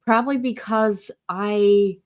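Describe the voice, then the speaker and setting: A woman hosting a livestream speaks casually in a slow, deliberate, drawn-out way, her mid-range voice fairly even in intonation. She gets heated while ranting and calling people out, pausing now and then to greet viewers by name. The audio sounds dull.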